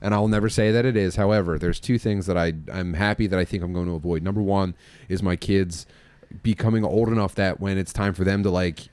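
A low-voiced man talks bluntly about raising his kids in a casual podcast chat. He swears freely and restarts his sentences as he hunts for the right words. The sound is close and dry. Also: fairly even intonation, a little fast, darkish tone, clean tone, no room sound. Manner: frank, profane, searching for words with restarts. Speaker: podcast co-host and father.

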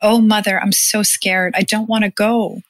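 A woman's voice: fairly high pitch, lively intonation, normal speed, a bit bright, slightly rough, pitched above the performer's own voice, heavily acted. A woman playing a scared, tearful little boy. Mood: frightened. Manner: pleading, choked with fear.

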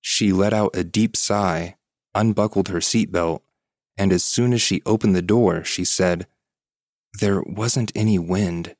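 A man with a deep, low voice reads a spooky first-person ghost story with measured, suspenseful pacing. The sound is close and dry, with no room around it. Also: a little mellow, no room sound. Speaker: podcast host reading listener stories. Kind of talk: scripted horror story narration.

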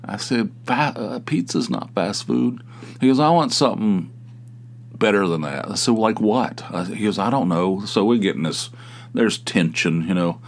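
A middle-aged man with a somewhat low voice hosts a podcast and tells a long personal anecdote. He talks casually and loosely, jumping sharply upward when he acts out what people said. His humor is wry and self-deprecating, with offhand swearing. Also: normal speed, a little hiss or hum. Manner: animated, acts out quoted exchanges in a raised voice. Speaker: podcast host. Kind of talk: casual storytelling monologue.

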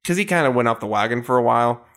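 A man's voice: medium pitch, expressive, rapid-fire, fairly bright tone. A man co-hosting a podcast in casual chat, telling anecdotes with lots of ums and laughs. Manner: storytelling, laughing, many ums. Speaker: podcast co-host.

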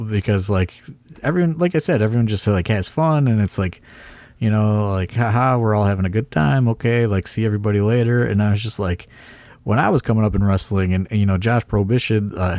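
A low-pitched man tells a long backstage story in a loose, rambling way, leaning on fillers. His voice is recorded dry and close, with no room sound around it. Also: a little mellow, no room sound. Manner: rambling, heavy with "like" and "you know" fillers. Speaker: wrestling promoter and podcast host. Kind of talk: casual storytelling chat.

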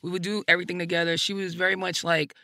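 Gravelly, bright-voiced woman telling a candid story. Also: fairly low pitch, flat delivery, rapid-fire, dry recording, studio quality. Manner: reflective, frank, peppered with "like" and "you know"; swears casually. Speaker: guest comedian. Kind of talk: candid personal storytelling in an interview.

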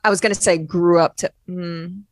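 A woman's voice: fairly low pitch, fairly even intonation, normal speed, dry recording. A young woman co-hosting a casual chat podcast, earnest and frank, swearing casually as she argues her point. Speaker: podcast co-host.

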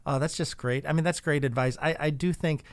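A man hosting a casual conversation, speaking in a relaxed, joking, conversational way. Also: on the high side, fairly quick, no echo.

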